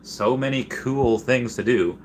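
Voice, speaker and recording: A man hosting a casual livestream, reading viewer comments aloud and rambling excitedly, often trailing off mid-sentence. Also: mid-range voice, unhurried, very noisy. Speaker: livestream host.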